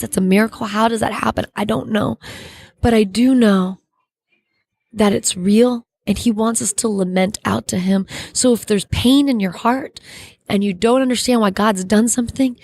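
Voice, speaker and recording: A middle-aged woman, an actress being interviewed, giving an earnest, halting faith testimony and searching for her words. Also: mid-range voice, darkish tone.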